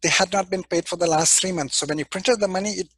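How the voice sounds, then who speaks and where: A male business school professor from India giving a classroom lecture, emphatic and animated, acting out quoted people, clearing his throat from allergies. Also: sits high, fast talker, no room sound, low-quality recording.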